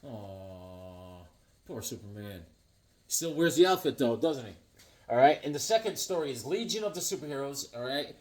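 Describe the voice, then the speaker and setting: For his comic collector vlog, a tired man in middle age does a casual show-and-tell of old comic books. He rambles and jokes, reading comic lines aloud in a mid-range, darkish voice.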